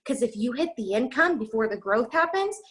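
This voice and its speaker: A woman's voice: on the high side, very animated, a bit bright. A young woman leading a network marketing team, giving an emphatic, breathless motivational talk on a video call. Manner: fast, emphatic, preachy pep talk.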